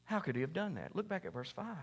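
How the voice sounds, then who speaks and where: A male pastor preaching a sermon and telling a story in an animated way, swinging from hushed to loud. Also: sits high, fast talker, breathy edge. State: overheated in a sweatshirt.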